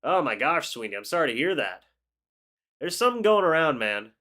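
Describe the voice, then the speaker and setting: His voice runs a little high, with big pitch swings and a brisk, bright, forceful tone. A young man congested from flu, he hosts a sports livestream in a relaxed, talkative style, reading viewer comments aloud and reacting.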